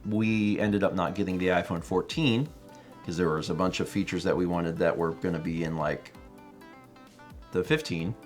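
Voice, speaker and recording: A man co-hosting a live stream, chatting casually and reading out viewer messages in an animated, playful way. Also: low voice, moderate pace, faint music behind. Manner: animated, playful, puts on silly voices when quoting. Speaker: co-host of a live stream show.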